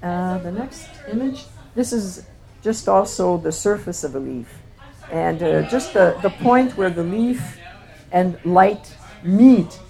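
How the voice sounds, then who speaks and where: Woman w/ lowish voice talking thru her slides, thoughtful, lots of uhs and restarts. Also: expressive, creaky, mellow. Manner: reflective, halting with many fillers and restarts. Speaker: speaker presenting photographs. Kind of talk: slide talk to an audience.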